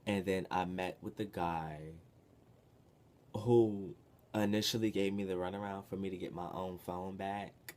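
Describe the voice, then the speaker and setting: A young man telling a story from his past in a casual, animated, profane way, with sudden loud bursts. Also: deep voice, measured pace. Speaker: vlogger.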